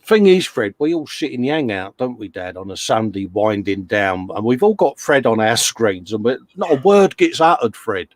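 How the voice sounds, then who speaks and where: A man's voice: medium pitch, very animated, moderate pace, hardly any pauses. Chatty British man hosting a workshop stream. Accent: British English. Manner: chatty, reads out chat messages. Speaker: host. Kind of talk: casual live-stream chat. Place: home workshop.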